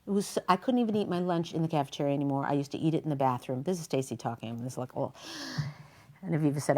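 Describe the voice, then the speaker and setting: A woman's voice: very deep voice, quick pace, dark tone. A woman talk show host retelling a story in a chatty, emotional way, with many fillers. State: near tears.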